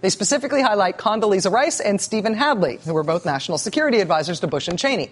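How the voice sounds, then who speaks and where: A woman hosting a cable news show, delivering sardonic, mocking commentary with quick asides and stammered restarts. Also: medium pitch, lively intonation.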